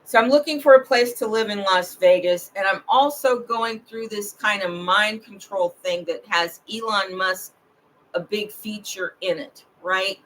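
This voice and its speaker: Slow, rambling woman with a bright voice. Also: medium pitch, low-quality recording. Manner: slow, digressive and drawn out. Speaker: livestreamer. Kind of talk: rambling personal livestream monologue.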